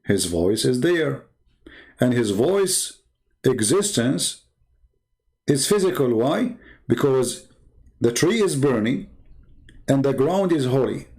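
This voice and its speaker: Slow and full of pauses, this debate channel host from the Arab world speaks in a slightly mellow mid-range voice with big pitch swings and an Arabic accent. During a live online debate, he taunts his opponents through a series of rhetorical questions.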